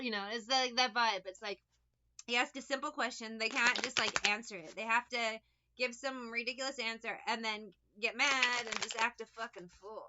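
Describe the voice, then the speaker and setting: A woman's voice: a little high, steady tone, normal speed, muffled recording, noisy background. A woman giving a casual tarot reading, rambling, sarcastic and liberal with swearing. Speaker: tarot reader.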